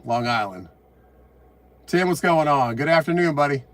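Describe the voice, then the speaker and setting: His voice sits a little high, a bit bright, with lively intonation and a moderate pace. He's a middle-aged man live-streaming from a dash-mounted phone in his truck cab, a little winded, greeting viewers and chatting casually. Upbeat and talkative, he reads out their comments.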